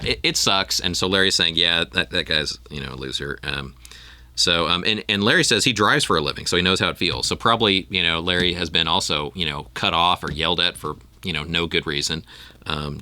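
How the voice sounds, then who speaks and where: Deep voiced guy hosting a chatty podcast, rambly with lots of ums, dry close sound. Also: brisk, pushed and bright, no echo. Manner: rambling, with frequent ums and restarts. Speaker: podcast host. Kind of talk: casual chat.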